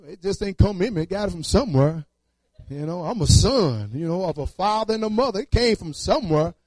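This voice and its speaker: A man's voice: sits high, lively intonation, a little fast, a little mellow, dry recording. A man telling his testimony in church, storytelling with fervor and colloquial speech. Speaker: testimony speaker.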